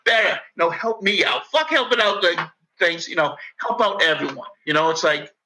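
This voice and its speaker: A man's voice: sits high, moderate pace, low-quality recording. Profane, rambling man with a Boston accent. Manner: profane, rambling, animated storyteller. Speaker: podcast guest. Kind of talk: casual chat.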